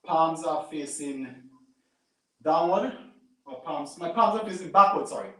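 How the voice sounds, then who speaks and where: A high-voiced man talks a home audience through a resistance band workout, punctuating each rep with a quick "boom." He stands back from the mic in a bare, echoing room. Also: animated, bright, forceful tone, distant mic. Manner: coaching, repeats "right?" and "boom". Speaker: fitness instructor. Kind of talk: live workout demonstration. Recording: echoey room, away from mic.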